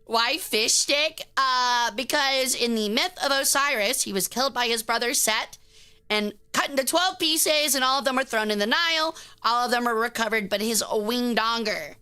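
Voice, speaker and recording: A woman's voice: a little high, normal speed, bright, forceful tone, clean tone. A woman streamer chatting casually with her viewers, with playful, profane teasing banter.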